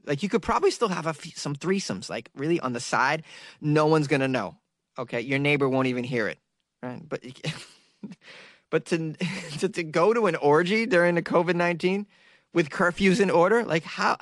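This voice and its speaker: A man's voice: mid-range voice, moderate pace, no room sound, studio quality. A man hosting a podcast, riffing sarcastically on odd news stories and laughing at his own jokes. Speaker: podcast host. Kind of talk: comedic news commentary podcast.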